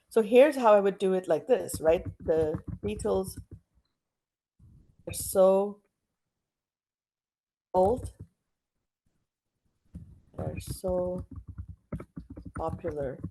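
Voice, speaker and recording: A middle-aged woman from Canada teaching an online English class, chatty and stretching out words and pauses to model intonation. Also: mid-range voice, a little mellow, rough recording.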